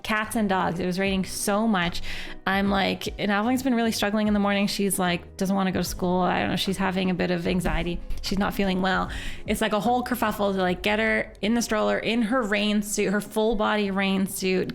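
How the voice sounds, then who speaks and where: A woman's voice: mid-range voice, vocal fry. A young woman from Canada, a livestreamer and parent, chatting casually with her chat in a rambling way, full of fillers and restarts. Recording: faint music behind voice.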